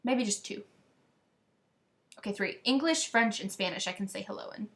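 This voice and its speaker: A teenage girl from the United States, chatting excitedly to camera in a rambling, scattered way. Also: mid-range voice, moderate pace. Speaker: vlogger. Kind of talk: casual chat to camera.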